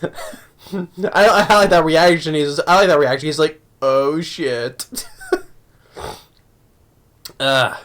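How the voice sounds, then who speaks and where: Guy rambling through a movie review, highish voice, lots of restarts and laughing. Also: slow pace, long pauses, a bit bright. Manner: rambling, many restarts and laughs, acts out quotes in a high voice. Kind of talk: casual spoken movie review.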